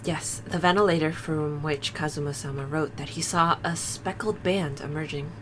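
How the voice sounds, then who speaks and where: A woman's voice: low voice, steady tone, normal speed, a little hiss or hum. A woman streaming a game with friends, laughing often and reading dialogue aloud. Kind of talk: casual playthrough with friends.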